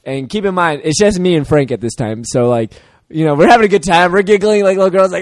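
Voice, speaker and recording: A man's voice: a little high, animated, quick pace, hardly any pauses, dry recording, studio quality. A young man telling a story in casual chat, laid-back and saying "dude" often.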